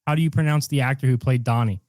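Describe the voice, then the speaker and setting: A man's voice: medium pitch, fast talker, a little mellow, no echo, studio quality. A man hosting a casual podcast chat, joking around and playfully mispronouncing names, with lots of fillers. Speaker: podcast host.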